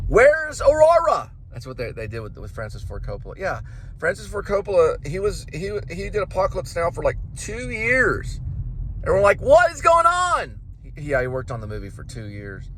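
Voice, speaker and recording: A man's voice: a little high, sing-song, fairly quick, a bit bright, slight background noise. A man hosting a casual vlog, lecturing in a rant full of rhetorical questions. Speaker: vlog host.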